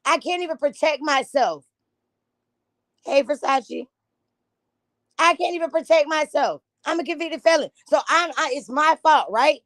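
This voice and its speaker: A woman's voice: high voice, measured pace, pauses often, a bit bright, no room sound. A woman from Jacksonville, reacting to a news clip in a blunt, heated, profane rant. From Jacksonville, Florida.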